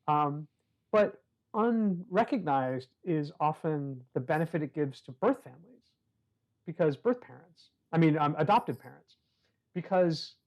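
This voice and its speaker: A man talking as a podcast guest in a relaxed storytelling way. He leans on fillers, acts out other people's voices and slips in wry, self-deprecating humor. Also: fairly high pitch. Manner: chatty, many "you know" fillers, acts out quoted voices. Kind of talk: casual conversational storytelling.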